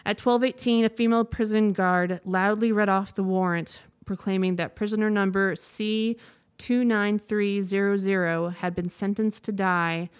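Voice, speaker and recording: A woman reading a news report aloud in a measured, steady way, now and then stopping to correct a word. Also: medium pitch, clear, resonant tone. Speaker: news reader.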